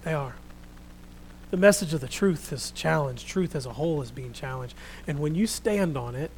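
A man preaching a sermon, reading scripture out loud and then talking quietly and earnestly to his congregation. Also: a little high, a little hiss or hum, rough recording. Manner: reads scripture loudly, then speaks quietly and reflectively.

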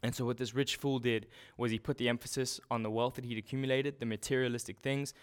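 Man preaching a relaxed, informal sermon. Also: medium pitch, fast, clear, resonant tone. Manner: relaxed, informal, with frequent restarts and fillers. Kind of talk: conversational sermon.

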